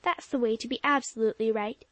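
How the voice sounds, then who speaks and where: A woman voicing Polly, an excitable, warm-hearted girl who gushes and exclaims, in a storybook audiobook. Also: fairly high pitch, fast, no room sound, lightly acted. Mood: pleading. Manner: gushing, exclamatory.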